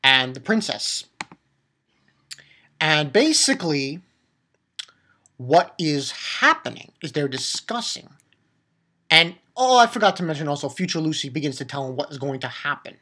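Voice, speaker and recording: Excitable, rambling man with a bright voice. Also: a little high, unhurried, long pauses. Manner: rambling, profane, with many restarts. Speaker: manga chapter reviewer. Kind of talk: casual unscripted recap.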